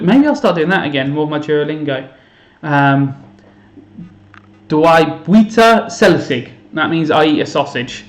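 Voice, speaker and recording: The speaker is a teacher on a live stream at home, chatting with his student viewers as he games, joking at his own expense and reasoning out loud. His voice is on the high side, with a reverberant sound.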